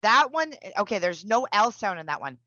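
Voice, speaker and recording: A woman teaching an English pronunciation class online. She explains patiently and repeats each example slowly. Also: medium pitch, very animated, pushed and bright, dry recording, muffled recording.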